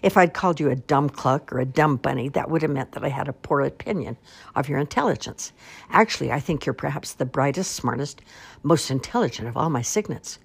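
A woman's voice: low-pitched, expressive, a little fast, gravelly, breathy edge, full character voice. A woman doing a pompous swan father. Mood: lecturing. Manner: grand, flowery speechifying with loud commands. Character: pompous, long-winded male swan father. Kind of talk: storybook reading.

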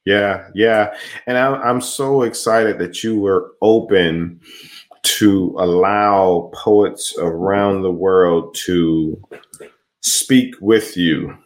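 A man hosting an interview, speaking slowly with short affirmations. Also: deep voice, steady tone. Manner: slow, brief affirmations. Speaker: show host. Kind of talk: interview conversation.

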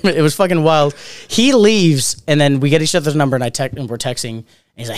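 A man's voice: medium pitch, fast talker, no echo, studio quality. A man hosting a podcast, telling a rowdy story in casual chat, swearing freely and acting out what people said. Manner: animated, swears freely, acts out quotes. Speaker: podcast host.

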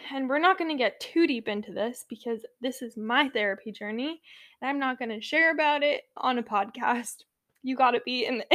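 A young adult woman talks alone on her podcast in a loose, candid monologue, her voice sitting slightly high. She fills her sentences with "like", swears without fuss and catches and fixes her own slips on the fly. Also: fairly bright tone. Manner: chatty, heavy use of "like", candid and swears casually; self-correcting, laughs at own slips. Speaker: podcast host.

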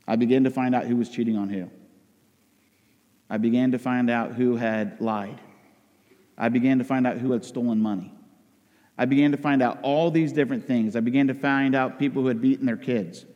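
A man preaching a sermon as pastor, swinging between loud emotional outcries and hushed intensity. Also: medium pitch, steady tone, brisk, big-room sound, lo-fi sound.

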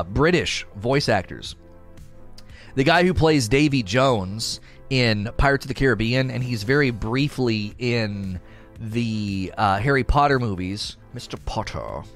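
A man chatting casually on a livestream, rambling and animated as he reads chat aloud. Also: mid-range voice. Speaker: streamer reading chat.

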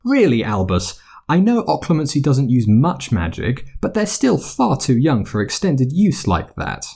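A man voicing a brisk, fussy elderly woman, a school nurse, who scolds with exasperation. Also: mid-range voice, huge pitch swings, creaky, dark tone, slightly rough, voice pushed up, full character voice. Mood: scolding.

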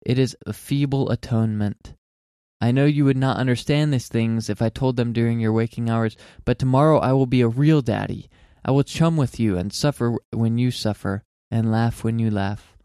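A young man with a mellow, dark, smooth voice reads aloud in an earnest, measured way. He is recorded close on a dry podcast mic, with no room sound. Between readings he talks casually as a co-host. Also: mid-range voice, no echo.

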